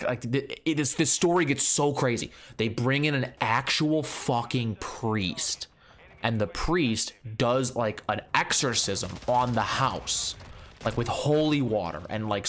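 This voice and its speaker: A man's voice: mid-range voice, a bit bright. A man casually telling a family ghost story over gameplay, rambling and profane with lots of fillers. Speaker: gaming channel host.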